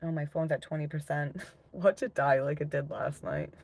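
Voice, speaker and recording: A woman's voice: deep voice, unhurried, darkish tone, slightly rough. A woman casually chatting with viewers on a livestream, rambling loosely and swearing often while reading out comments.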